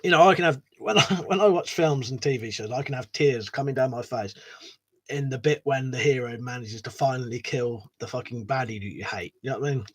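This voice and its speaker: Male streamer, casual and rambling, swears freely, laughs often, mid-pitched voice. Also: fairly quick, husky. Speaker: livestream host. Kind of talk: casual live stream chat reading comments.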